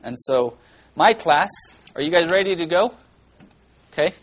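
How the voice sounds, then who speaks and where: A children's church teacher giving an animated Bible lesson, asking the kids lots of questions and breaking into loud, dramatic bursts. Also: mid-range voice, unhurried, rough recording.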